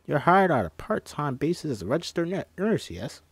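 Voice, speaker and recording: A man's voice: medium pitch, sing-song, moderate pace, no room sound. A man voicing a courtly, probing male detective in a screenplay table read, drifting in and out of a put-on accent.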